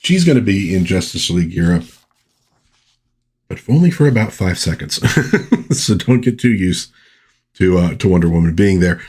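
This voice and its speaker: A low-pitched man talks his way casually through a comic book review. His voice has a husky grain, and he rambles in a chatty way, dropping wry little asides as he goes. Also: lively intonation, moderate pace, long pauses, a little mellow. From United States.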